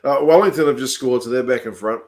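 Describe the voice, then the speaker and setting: A New Zealand man hosting a livestream, chatting casually and answering viewer comments aloud in a relaxed, talkative way. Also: mid-range voice, fast talker. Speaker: livestream host. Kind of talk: casual chat reading comments.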